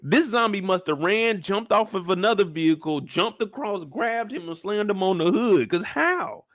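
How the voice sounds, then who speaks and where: A young man streaming a live recap of a TV episode, riffing in an animated, profane, comic way and acting out scenes. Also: high-pitched, moderate pace, no room sound. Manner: acts out scenes in shouted bursts.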